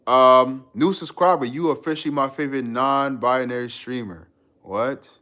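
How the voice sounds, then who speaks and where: A man talking casually on a live stream at a mid-range pitch for a man. His delivery is relaxed and full of slang, he laughs easily, and he answers viewer comments as they come in. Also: normal speed. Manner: laid-back and slangy, laughing often, riffing on chat comments.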